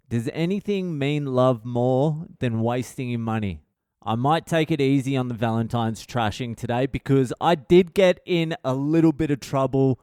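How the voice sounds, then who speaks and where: A man's voice: mid-range voice, a little mellow, smooth, no echo, studio quality. A man hosting a comedy podcast in a casual, profane, self-mocking monologue, acting out what others said. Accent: Australian.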